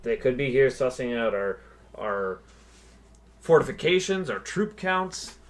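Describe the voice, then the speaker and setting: A man's voice: mid-range voice, big pitch swings, measured pace, slight background noise, voice pushed up. A man voicing an angry, suspicious city governor in a tabletop game, speaking in a raised, heated voice. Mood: agitated.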